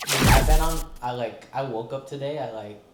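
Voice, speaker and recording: A man's voice: medium pitch, normal speed. A young man co-hosting a podcast, chatting casually and rambling with lots of fillers, recorded in an apartment. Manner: rambling, filler-heavy, laughs often. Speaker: podcast co-host. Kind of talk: casual chat. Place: apartment room. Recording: echoey room with faint ambient noise.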